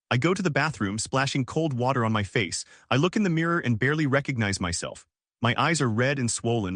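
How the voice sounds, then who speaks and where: Man narrating with a lively voice. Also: medium pitch, dry recording, clean studio sound. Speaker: story narrator. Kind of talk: first-person story narration.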